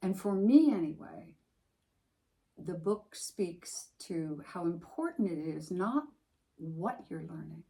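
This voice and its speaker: Animated lower-voiced woman podcast host. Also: takes it slowly, creaky, poor audio. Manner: animated, emphatic, thinks aloud with restarts. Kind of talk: casual chat about books.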